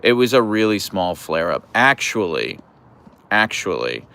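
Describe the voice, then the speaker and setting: A young man runs a laid-back livestream from an outdoor deck, chatting with viewers, reading their comments aloud, and cooing at his dogs in a high voice. His delivery is very animated yet unhurried, with vocal fry and a sharp, clean tone.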